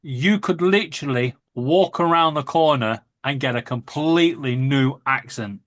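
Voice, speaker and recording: A podcast host from Lancashire, England, chats casually in a northern English accent and laughs a lot. His voice is medium in pitch and unhurried, with no room sound.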